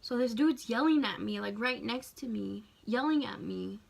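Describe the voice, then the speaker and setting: A woman's voice: on the high side, normal speed, vocal fry. A young woman in her late teens telling a personal story in a chatty, emotional way, full of "like.". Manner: chatty, heavy use of "like"; emotional, animated retelling. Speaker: vlogger. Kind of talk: casual story time.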